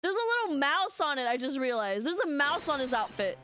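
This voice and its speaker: A woman's voice: high-pitched, sing-song, fairly quick. A young woman gushing and giggling as she comments on her game during a casual live stream. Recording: music playing loudly under the voice. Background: game music.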